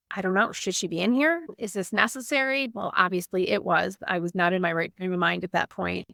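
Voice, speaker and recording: A woman in her thirties, guesting on an interview, shares her personal story earnestly and candidly, saying "like" a lot. Her medium-pitched voice is gravelly and a bit bright, recorded in studio quality with no room sound.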